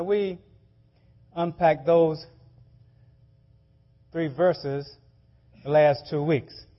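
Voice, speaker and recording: A man preaching a sermon, talking in a loose, conversational way, often repeating words and restarting. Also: on the high side. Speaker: pastor. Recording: dull lo-fi church audio.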